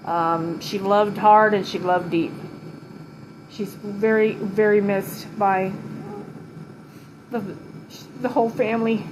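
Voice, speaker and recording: A middle-aged woman talks slowly and haltingly at home, often pausing, restarting and holding back tears as she remembers her mother. She sounds tired. A steady hum of air conditioning sits clearly under her voice. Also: mid-range voice. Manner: halting, tearful, many pauses and restarts. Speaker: vlogger giving a tribute to her late mother. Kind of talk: emotional personal vlog.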